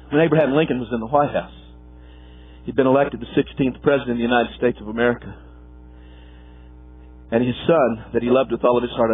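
A man preaching a sermon, telling a folksy coaching story with lively, acted-out quotes. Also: medium pitch, slightly rough, narrow, tinny audio. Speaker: pastor and former football coach.

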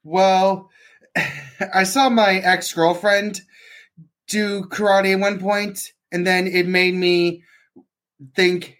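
A young man answers questions as a podcast guest, speaking in a hesitant, halting way. His voice sits a little higher than most men's. He often restarts his sentences and fills gaps with "like". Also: flat delivery, fairly bright tone. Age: young adult. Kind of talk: casual interview.

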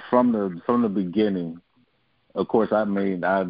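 A man giving an earnest, halting personal testimony on a family prayer line. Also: low voice, dry recording, dull audio.

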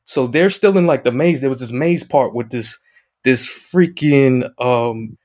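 A man guest on a podcast, telling a video game story in a casual, excited way, acting out what others said and swearing mildly. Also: medium pitch, a little slow. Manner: excited storyteller, acts out quoted chat, mild swearing.

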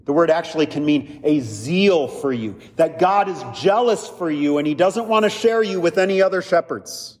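A man preaching a sermon as a pastor, earnest and conversational, often checking in with his listeners with quick asides. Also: a little high, expressive, in a large hall.

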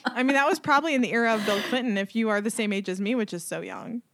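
A woman co-hosting a comedic advice podcast, quick to laugh as she chats. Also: a little high, a bit bright. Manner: giggly, breaks into laughter often. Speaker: podcast co-host.

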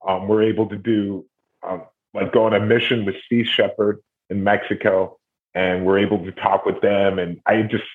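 A man's voice: on the low side, little pitch movement, normal speed. A man from Ohio, a guest musician, telling stories in a loose, rambling way during a casual interview. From Ohio, USA. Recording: tinny phone-like line.

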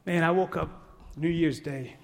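A man preaching a sermon as pastor, swinging from loud exhortation to hushed, earnest pleading. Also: on the high side, normal speed, vocal fry, in a large hall. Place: church sanctuary.

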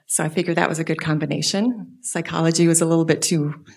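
A middle-aged woman giving a church message as guest speaker, telling a personal story with animated delivery that dips into soft whispers. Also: sits low, fast, vocal fry.

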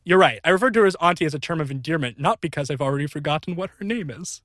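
A man co-hosting an improvised comedy podcast, excitable and rambling, breaking into laughter. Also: on the high side, rapid-fire, no echo, studio quality. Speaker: podcast co-host.

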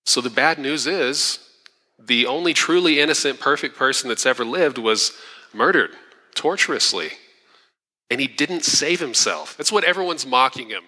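Man, pastor, sermon, earnest, animated, bright forceful tone, reverberant sanctuary. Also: mid-range voice, normal speed. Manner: earnest, animated preaching with acted-out quotes. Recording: long hall reverb.

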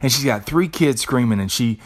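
A man's voice: mid-range voice, animated, normal speed. A man hosting a podcast who talks in a casual, conversational way, swears freely and often repeats words as he tells a story. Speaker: podcast host. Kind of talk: casual monologue.

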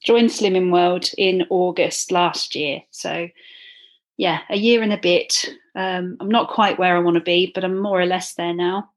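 A woman's voice: fairly low pitch, steady tone, a little slow. A woman guest telling her running story in a chatty, earnest way, with many ums. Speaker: guest, club runner. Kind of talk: casual interview.

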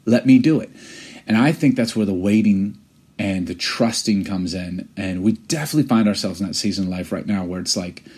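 A man's voice: fairly low pitch, warm tone, husky. A man in his forties co-hosting a podcast, telling stories in an earnest, reflective way. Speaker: podcast co-host. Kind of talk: casual chat.

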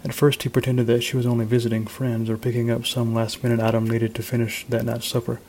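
A man, an author, reading his short story aloud in a measured, even manner. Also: medium pitch, a little hiss or hum, low-quality recording.

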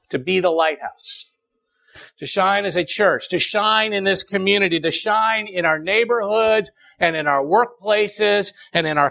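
A male pastor, preaching a sermon with emphatic repetition and dramatic pauses. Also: sits high, gravelly, fairly bright tone.

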